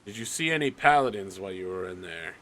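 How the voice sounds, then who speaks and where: A man's voice: deep voice, animated, fast talker, fairly bright tone, no echo, pitched below the performer's own voice. A man playing a stern male captain of the tower guards, giving curt orders and questioning. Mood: interrogating.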